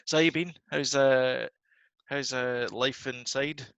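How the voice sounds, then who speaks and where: A man's voice: medium pitch, fairly even intonation, slow, a bit bright, clean tone, no room sound, muffled recording. A man co-hosting a podcast, chatting casually and laughing easily. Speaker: podcast co-host. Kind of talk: casual chat.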